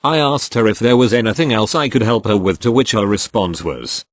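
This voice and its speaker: Guy reading retail stories out loud, lively up-and-down voice, dry close mic. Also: fairly low pitch, moderate pace, few pauses, no echo. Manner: expressive storytelling delivery. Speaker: story reader. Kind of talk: reading online posts aloud.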